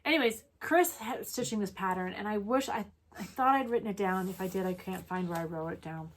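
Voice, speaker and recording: A woman's voice: medium pitch, fairly quick, slight background noise. A woman co-hosting a casual crafting chat, talking in a rambling way with restarts. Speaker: co-host.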